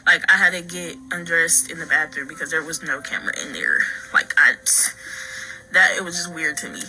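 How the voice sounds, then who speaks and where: A woman recounting her own story in halting, earnest talk full of restarts and fillers. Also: low-pitched, sharp tone, faint music behind, low-quality recording. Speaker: daughter telling her story. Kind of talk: personal account.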